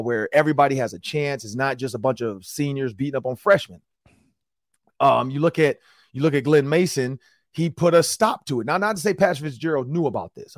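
A man hosting a sports talk show, telling a story in casual podcast style, animated and slangy. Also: medium pitch, dry recording, clean studio sound. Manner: animated, acts out quotes in slangy banter.

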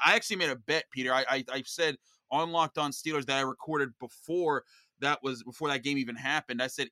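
A young man telling a football story in excited podcast chat, with lots of restarts. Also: mid-range voice, quick pace, no room sound. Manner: animated storyteller with many restarts. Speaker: podcast host of a football show, guest.

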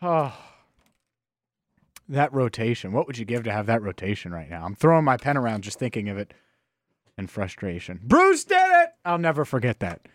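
A man hosting a solo sports podcast, telling stories in an animated, nostalgic, rambling way on a close microphone. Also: on the low side, moderate pace, pauses often, dry recording. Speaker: podcast host.

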